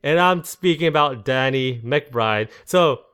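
Man, casual podcast co-host, smooth resonant voice, rambling, trips over names. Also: medium pitch, lively intonation, takes it slowly, a bit bright. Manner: rambling, stumbles on names, laughs at own jokes. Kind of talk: casual movie review chat.

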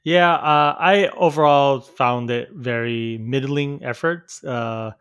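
A man's voice: medium pitch, takes it slowly, a bit bright, clear, resonant tone, no echo, clean studio sound. A man co-hosting a podcast, chatting loosely with lots of "like" fillers and laughing now and then. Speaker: podcast co-host. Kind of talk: casual chat.

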